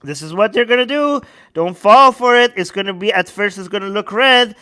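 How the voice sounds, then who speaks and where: A man's voice: sits high, moderate pace, bright, forceful tone, clean tone. A man hosting a live-stream commentary, reading news snippets aloud and reacting to viewer comments with sarcastic asides. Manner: sarcastic, mocking impressions of others. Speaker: host.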